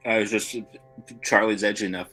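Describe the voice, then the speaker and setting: A male tabletop player who explains his character's moves and abilities at length. His voice is very deep and husky. Faint music plays underneath. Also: little pitch movement, a little fast, fairly bright tone. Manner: thoughtful, explains game rules at length. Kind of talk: playing a tabletop game.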